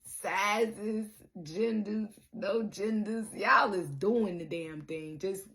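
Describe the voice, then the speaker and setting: Gravelly, animated woman vlogger. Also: medium pitch, takes it slowly. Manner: animated, profane, laughs often. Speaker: social media creator. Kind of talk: casual direct-to-camera monologue. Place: in Chicago.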